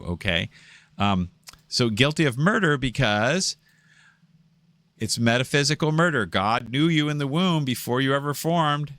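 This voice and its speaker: A man giving casual commentary on video clips as host. He talks in a halting, stop-start way and keeps pausing to find his place. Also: mid-range voice, pushed and bright, no echo.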